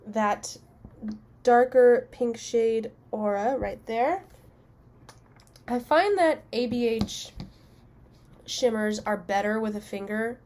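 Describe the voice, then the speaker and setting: Young woman, fairly high voice, casual makeup vlogger who tells chatty self-mocking stories. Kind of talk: casual storytelling while doing makeup.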